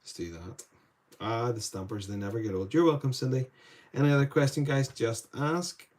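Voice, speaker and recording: A man hosting a live painting demo, thinking aloud softly as he works and brightening when he greets viewers in the chat. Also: mid-range voice, steady tone, normal speed. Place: indoor studio room.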